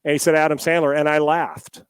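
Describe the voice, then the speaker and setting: A middle-aged man, a former quarterback, telling a long story as a podcast guest from home on a headset mic. He talks in a lively, rambling way, with many restarts and the odd swear word. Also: on the high side, brisk, clear, resonant tone, no room sound. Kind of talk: storytelling in a casual interview.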